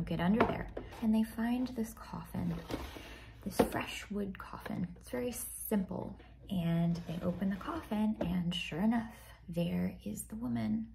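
Chatty woman with a gravelly low voice. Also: background noise. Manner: chatty, often drops to a whisper. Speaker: vlogger telling a ghost story. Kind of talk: casual storytelling while doing makeup.

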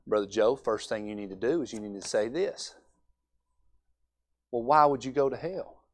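A man's voice: mid-range voice, moderate pace. A young man preaching a Sunday evening sermon in a folksy way, acting out altar conversations.

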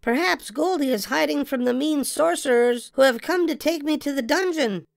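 A woman voicing an excitable little girl with a big imagination, reading with a theatrical, sing-song manner. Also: high voice, moderate pace, vocal fry, dry recording, clean studio sound, voice pushed up. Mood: playful.

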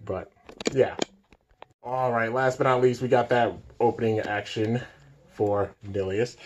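An excitable young man hosts a casual toy unboxing on his own channel. He talks at a middling pitch and keeps calling his viewers "man" and "dude". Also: measured pace. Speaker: toy reviewer and channel host.

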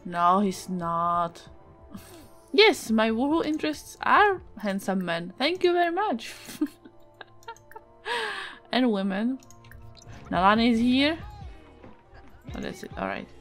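A Czech-accented woman giving casual let's-play commentary, excitable, swearing and yelping at the game. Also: on the high side, measured pace, long pauses, faint music behind. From Czech Republic. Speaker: gaming video creator.

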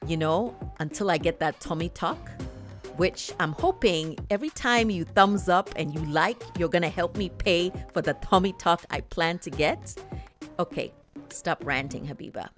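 A woman's voice: lowish voice, normal speed, a bit bright, soft background music. A middle-aged woman vlogging a fashion haul in casual chat, laughing often and talking straight to her viewers.

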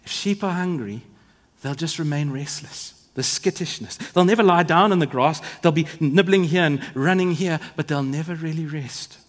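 A man preaching in a big church, his voice sitting a little high for a man. He leans into words for emphasis, then drops soft, and the long reverb of the hall trails every phrase. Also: moderate pace. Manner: emphatic, rising and falling in volume for effect. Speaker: pastor. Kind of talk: sermon.

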